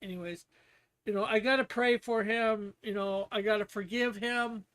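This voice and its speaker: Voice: medium pitch, fairly even intonation, moderate pace, a bit bright. Rambling casual streamer. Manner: rambling, with restarts and laughs. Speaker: streamer hosting a guessing game. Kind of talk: casual livestream chat.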